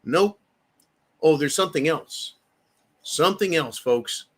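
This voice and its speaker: A man's voice: fairly high pitch, animated, slow, a bit bright, husky. A man hosting heated political commentary, ranting angrily with profanity and repeating phrases for emphasis. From United States.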